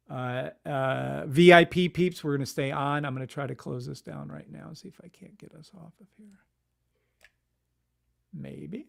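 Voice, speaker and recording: A man's voice: a little high, normal speed, vocal fry. A man hosting a casual live stream, ranting animatedly with swearing and muttering to himself at his computer. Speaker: livestream host.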